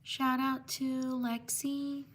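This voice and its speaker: A woman hosting a livestream, reading viewer names in a slow, repetitive way. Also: sits high, a little hiss or hum. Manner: slow, flat, repetitive listing with pauses. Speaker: livestream host. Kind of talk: reading out viewer shout-outs.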